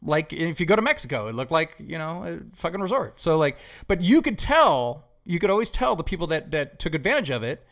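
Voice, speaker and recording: A man hosting a podcast, telling stories in casual chat, swearing a lot and acting out quotes loudly. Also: a little high, sing-song, brisk, gravelly. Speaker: podcast host.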